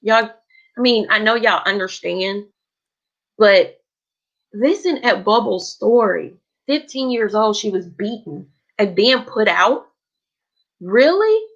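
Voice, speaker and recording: A woman hosts a casual live stream in a caring, emphatic voice, reading viewers' comments aloud and reassuring them. Her voice sits at a medium pitch. The audio is slightly dull and lo-fi. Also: takes it slowly, fairly bright tone.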